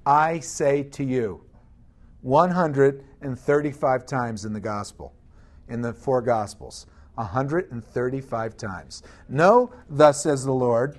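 A man's voice: on the high side, darkish tone. A man preaching a sermon, emphatic, asking the congregation rhetorical questions.

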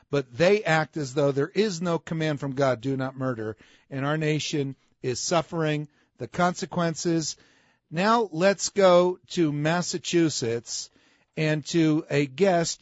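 A man's voice: fairly high pitch, dry recording, muffled recording. A man hosting a talk radio show, speaking in an emphatic, preachy way.

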